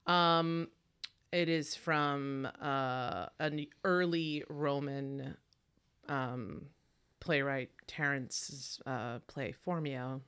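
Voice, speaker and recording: A woman's voice: a bass voice, fairly even intonation, drawn-out words, a bit bright, clean tone. A woman co-hosting a casual movie-talk show, chatty and opinionated, swearing freely. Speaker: podcast co-host.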